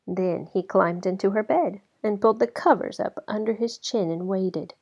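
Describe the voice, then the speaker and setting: A woman narrates a children's story aloud in a mid-pitched, expressive voice that slows down for effect. Her voice has a gravelly grain, and the recording is slightly dull. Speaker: parent reading a story.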